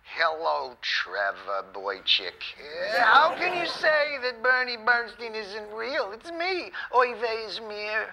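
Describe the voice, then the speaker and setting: A man's voice: very high-pitched, level tone, slow pace, long pauses, voice pushed up, heavily acted. A man voicing a pushy phony male newspaper reporter, with a put-on thick New York Jewish shtick accent, drawling and insistent. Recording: loud noisy phone call.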